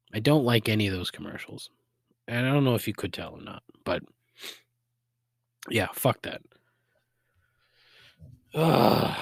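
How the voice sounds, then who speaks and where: A man with a thick Boston accent rants alone into the mic, swearing freely and dropping sarcastic asides. His pitch leaps around as he works himself up, and the sound is dry and close, with no room around it. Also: gravelly, fairly bright tone, no echo. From Boston area, USA. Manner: profane, exasperated griping with sarcastic asides. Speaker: podcast host. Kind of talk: solo podcast rant.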